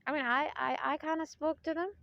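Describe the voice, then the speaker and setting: A woman's voice: sits high, steady tone, a little fast, vocal fry, no room sound. A woman vlogger talking outdoors in a casual monologue, emphatic and rambling, often checking in with her listeners. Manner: emphatic, rambling, keeps checking in with "right?" and "okay?"; forceful, insistent tone. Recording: dull lo-fi recording.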